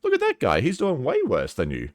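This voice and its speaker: A man voicing a pushy, exasperated onlooker who badgers someone to cheer up, in a shrill, incredulous falsetto. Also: huge pitch swings, brisk.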